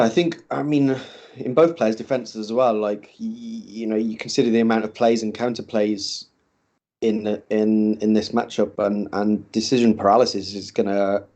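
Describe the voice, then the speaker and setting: A man's voice: on the low side, dark tone. A man co-commentating a live tabletop wargame, thinking aloud in a hesitant way and often repeating words.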